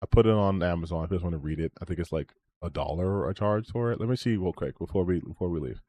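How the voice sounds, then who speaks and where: A man's voice: deep voice, quick pace, dark tone, breathy edge. A man streamer closing out his stream in a rambling, self-promoting chat, swearing freely as he talks. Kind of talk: casual stream sign-off chat.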